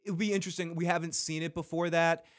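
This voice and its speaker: A man's voice: a little high, steady tone, fast. A man co-hosting a casual TV recap podcast, reading out viewer comments, swearing and laughing often. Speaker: podcast co-host.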